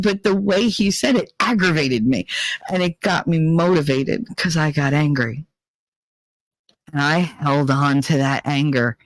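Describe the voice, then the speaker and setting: A man's voice: fairly high pitch, dry recording. Profane rambling man from New Jersey, dry sound. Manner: rambling, profane, confessional, mimics others in raised voice. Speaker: channel host. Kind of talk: candid personal monologue to viewers.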